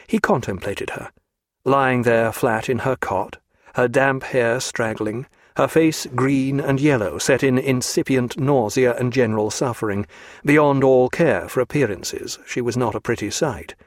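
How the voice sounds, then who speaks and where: A man at medium pitch narrates a novel for an audiobook, following the script with a measured, even storytelling delivery. The audio is studio quality with no echo.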